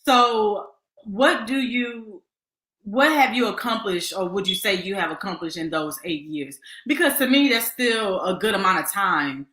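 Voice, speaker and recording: Woman host, Houston Southern accent, bright voice, roomy echo. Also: medium pitch, unhurried. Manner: chatty, encouraging. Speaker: interview host. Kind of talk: casual interview chat.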